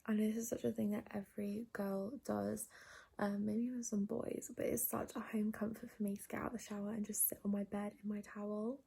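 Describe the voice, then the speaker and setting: Softly chatting woman with gravelly fry. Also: medium pitch, level tone, a little fast. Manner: soft, often half-whispered chatter. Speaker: vlogger. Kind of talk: casual day-in-the-life vlog chat. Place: bedroom at home. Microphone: phone camera.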